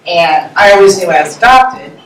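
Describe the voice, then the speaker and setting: A woman's voice: medium pitch, animated, moderate pace. A woman in her sixties from California telling a personal story on stage in a casual, chatty way. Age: 60s. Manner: casual, chatty, checks with audience. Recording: distant roomy mic with background noise.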